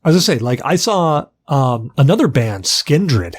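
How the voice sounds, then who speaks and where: A man's voice: mid-range voice, sing-song, normal speed. Man, podcast co-host, casual storytelling, rambling, swears a lot, acts out quotes.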